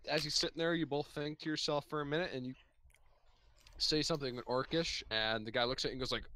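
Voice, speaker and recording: A man's voice: fairly high pitch, steady tone, fast talker, bright, forceful tone. A man running a tabletop game as game master, chatting casually with lots of fillers.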